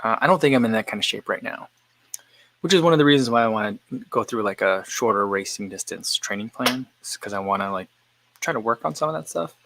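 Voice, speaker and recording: Bright-voiced man rambling through viewer questions. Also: on the low side, animated, fast talker, vocal fry, slight background noise, low-quality recording. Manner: rambling, thinks aloud while answering viewers. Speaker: running channel host. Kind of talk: casual live-stream chat while eating.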